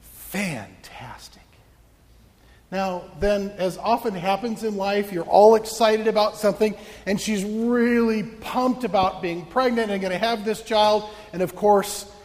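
A man's voice: sits high, measured pace, a little mellow, in a large hall. A male pastor preaching a sermon in a church, playful and joking with his congregation.

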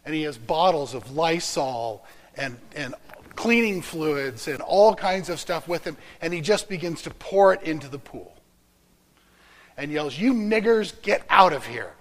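A man preaching a sermon through a story, rising loud and then dropping to a whisper. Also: on the high side, a little slow, low-quality recording. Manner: dramatic, swinging from loud to whispered.

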